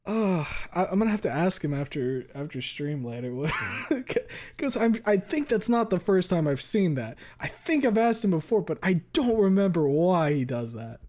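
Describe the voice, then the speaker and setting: A man streaming live, chatting casually with his viewers. He swears often, fills his talk with "like", and gets loud and high when something amuses him. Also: big pitch swings, normal speed.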